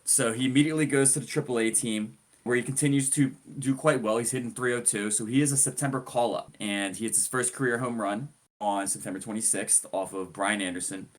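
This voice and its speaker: A man co-hosting a podcast, running through a sports story in a relaxed, joking, conversational way. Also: medium pitch, a little fast, few pauses. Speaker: podcast co-host. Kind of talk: casual sports chat.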